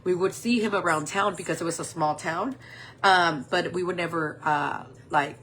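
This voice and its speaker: A woman's voice: on the low side, normal speed, a bit bright. A woman in her forties telling a personal story in a candid, rambling way, full of "like" and "um". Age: 40s. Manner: rambling, candid, heavy use of "like" and "um". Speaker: makeup vlogger.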